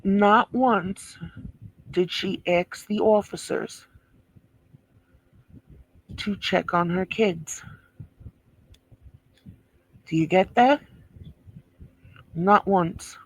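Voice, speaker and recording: A woman's voice: lowish voice, no room sound, poor audio. A woman giving blunt, scornful commentary over video footage, swearing freely and sounding indignant. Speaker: reaction video host.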